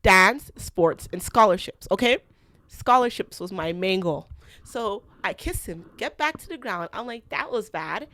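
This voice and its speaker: A young woman from Canada hosting a podcast, telling a school story in a chatty, animated way and acting out the quotes. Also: mid-range voice, measured pace. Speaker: podcast host. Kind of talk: casual storytelling.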